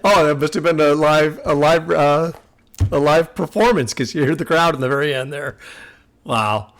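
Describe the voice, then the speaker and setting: A man's voice: on the high side, normal speed, a little hiss or hum. A man hosting a music reaction video, talking earnestly and repeating himself like a sermon. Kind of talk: casual reaction commentary.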